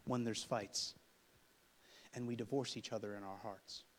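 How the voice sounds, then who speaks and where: A man preaching a sermon with humor, swinging from loud emphatic passages to quiet asides and acting out couples' quarrels. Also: on the low side, fairly even intonation, measured pace, slight background noise. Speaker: pastor. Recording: long hall reverb.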